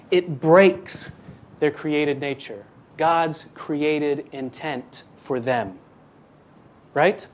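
A man's voice: on the high side, a little mellow, muffled recording. A man preaching a sermon as a guest preacher, emphatic, asking rhetorical questions and repeating words for stress.

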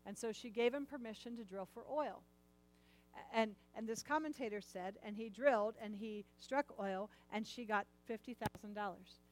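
A middle-aged woman telling a personal story in a sermon, animated and repeating words as she acts out lines. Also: on the high side, moderate pace, low-quality recording.

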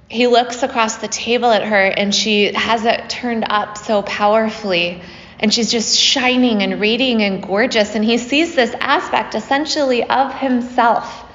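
A woman's voice: on the high side, slow pace, a bit bright, in a large hall, lo-fi sound. A woman casually retelling a myth to a group she is teaching, with a chatty manner and frequent "right?" checks. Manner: conversational, often asks "right?" with fillers.

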